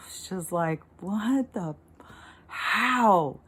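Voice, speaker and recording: Woman, slightly low pitch; loose, animated solo vlog delivery with frequent swearing. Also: normal speed. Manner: animated, exasperated, swears freely. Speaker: spiritual vlogger. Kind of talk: casual rambling monologue.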